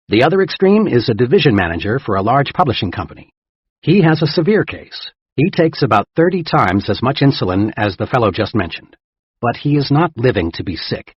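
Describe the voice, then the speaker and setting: A man narrating a self-help audiobook in a lively, emphatic reading style. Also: medium pitch, breathy edge, dry recording. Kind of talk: scripted narration. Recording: dull lo-fi dry recording.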